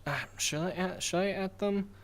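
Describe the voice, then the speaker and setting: A man's voice: high voice, moderate pace. Man from the United States, streamer and player, casual chat, teasing, swears freely. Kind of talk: casual chat before a tabletop game.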